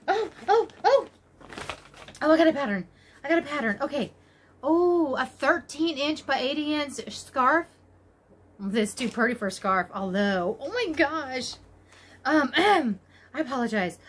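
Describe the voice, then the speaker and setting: A woman chatting casually as she unboxes yarn, gushing and exclaiming, her voice jumping high when she gets excited. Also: moderate pace. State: tired after work. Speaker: crochet vlogger.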